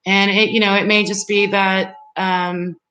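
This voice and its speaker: A woman's voice: mid-range voice, level tone, measured pace, sharp tone, low-quality recording. A woman giving live tarot readings, speaking directly and reassuringly to her viewers in a loose, rambling way. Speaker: tarot reader.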